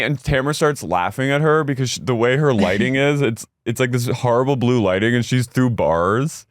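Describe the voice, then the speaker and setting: A man co-hosting a podcast, chatting casually and retelling scenes in a campy, animated way. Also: normal speed, few pauses, no echo, studio quality. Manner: campy storyteller, acts out cast members in high voices. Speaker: podcast co-host. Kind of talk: casual chat recapping a reality show.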